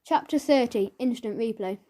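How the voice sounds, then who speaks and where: A woman narrates a children's audiobook in a playful, lively manner. She gives the sound effects their own little voice. Her tone is mellow and sits a little high. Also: moderate pace.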